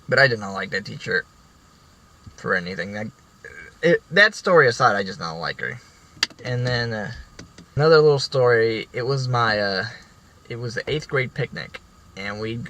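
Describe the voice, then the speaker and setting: A young man with a bright, forward voice telling school stories in a loose, rambling way. He restarts sentences often and swears casually as he goes. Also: fairly low pitch, poor audio. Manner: rambling, profane, many restarts. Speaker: vlogger. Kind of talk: casual storytelling.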